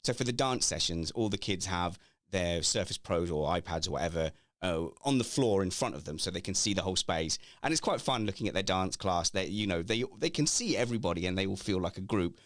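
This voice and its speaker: A man's voice: deep voice, lively intonation, a little fast, no room sound, clean studio sound. A middle-aged man hosting a casual chat from home, rambling and joking with plenty of restarts. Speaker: podcast host. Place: home, remote call.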